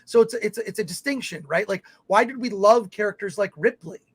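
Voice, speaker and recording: A man's voice: high voice, fairly quick, husky, dry recording. A man co-hosting a live film talk show, rambling through his points with many restarts and reading viewer comments aloud. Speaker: podcast co-host. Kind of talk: casual chat.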